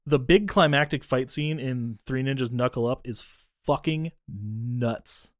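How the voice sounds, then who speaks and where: Male podcast co-host, casual chat, animated and sweary, middle pitch, dry close sound. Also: a little slow, no room sound. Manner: animated, profane, acts out movie scenes in voices. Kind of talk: casual movie-review chat.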